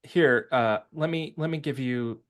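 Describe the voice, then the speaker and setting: A man's voice: mid-range voice, measured pace, lightly acted. Man voicing a winded, stammering tall woman researcher. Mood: breathless apologetic. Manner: stammering, apologetic. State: out of breath.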